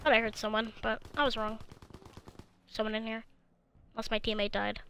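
Young woman gamer commentating live, bright and excitable, headset mic, high voice. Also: moderate pace, slight background noise. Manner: excitable, swears and laughs a lot. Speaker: gaming channel host. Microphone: gaming headset.

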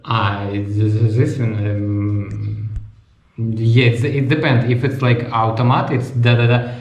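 Hesitant male guest, very slow speech, dull and echoey recording. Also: fairly low pitch, fairly even intonation, gravelly. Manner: hesitant, many fillers. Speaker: interview guest. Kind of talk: casual interview answers.

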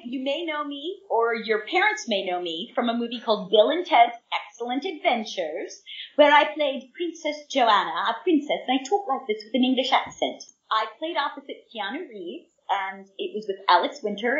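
A woman's voice: a little high, animated, normal speed, a bit bright, far from the mic. A woman in her fifties, a guest actress in an interview, bubbly and eager and rambling on at length. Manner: bubbly and eager, talks in long rambling runs. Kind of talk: casual interview chat. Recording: dull, echoey remote audio from off-mic.

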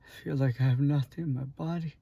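A man recording a soft, halting late-night video diary while grieving and worn out. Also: medium pitch, steady tone, vocal fry, slightly rough. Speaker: vlogger. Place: small private sleeping area, indoors.

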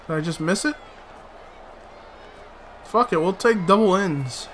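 A man's voice: high voice, lively intonation, a little slow, pauses often, a faint crowd, a little hiss or hum. A man commenting on his own gameplay, muttering to himself, swearing in frustration and breaking into sudden outbursts. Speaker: let's play host.

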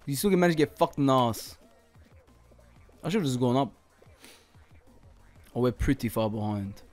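Lively swearing gamer guy. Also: medium pitch, normal speed, soft background music. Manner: swears a lot, laughs often, loud outbursts. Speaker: gaming YouTuber. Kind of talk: casual gaming commentary.

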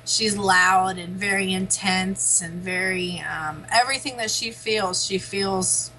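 Young adult woman, guest on a podcast, bright and lively; chatty, laughs easily; light background hiss. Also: mid-range voice, slow pace, rough recording. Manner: storytelling, laughs often. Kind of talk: casual chat.

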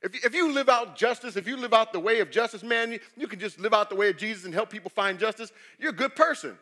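Bright-voiced preaching pastor. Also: male voice, high-pitched, expressive, quick pace. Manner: preaching with sweeping shifts between loud emphasis and quiet confession; asks the congregation rhetorical questions. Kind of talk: sermon.

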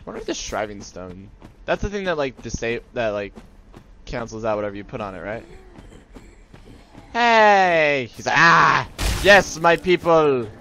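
A man giving live gameplay commentary as a let's-play host, excitable and joking to himself, yelling at enemies. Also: fairly low pitch, brisk, slight background noise.

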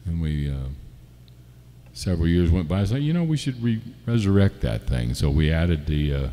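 A man hosting a live-stream music show from home, chatting casually and joking, with frequent pauses and fillers. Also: low-pitched, big pitch swings, warm tone, long reverb tail. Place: home setup, not a studio.

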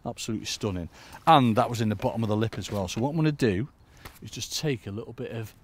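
Bloke, lowish voice, chatty fishing coach talking to the viewers outdoors by a lake. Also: male voice, fast. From United Kingdom. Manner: chatty, keeps addressing "folks". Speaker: angling coach. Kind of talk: casual fishing tutorial. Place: lakeside outdoors in cold weather.

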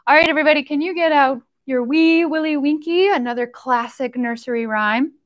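A woman's voice: sits high, a little fast. A woman leading a children's storytime, chanting nursery rhymes in a cheerful sing-song and stretching out the last words of each line. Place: library storytime recorded on camera.

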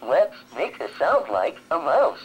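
A cheerful purple dinosaur toy calls out simple games in a slow, sing-song way. The pitch leaps and swoops all over. It is heard off a talking toy in a home video. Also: huge pitch swings, a little hiss or hum. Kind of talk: recorded toy voice leading a sing-song game.

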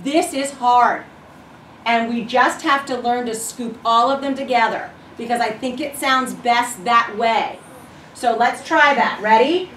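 A woman's voice: on the high side, a little slow, fairly bright tone, a little hiss or hum. A woman teaching first grade, leading a shared reading with encouragement and chanted rhythm in a classroom. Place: classroom with children. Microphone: far camera mic. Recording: echoey classroom from far off.

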